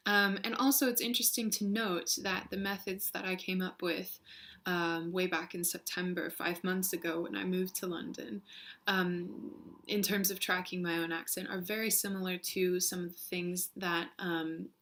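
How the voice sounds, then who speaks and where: A woman's voice: on the low side, steady tone, moderate pace, fairly bright tone. A young woman from the States, talking casually in a video diary and reading a word list, with frequent ums. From Western United States. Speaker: vlogger, linguistics student.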